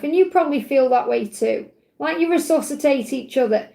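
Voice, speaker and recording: A woman's voice: sits high, lively intonation, brisk, vocal fry, a little mellow, roomy sound. A woman hosting a live tarot Q&A, talking in a chatty, reassuring way and often checking in with "okay?". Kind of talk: casual live-stream reading.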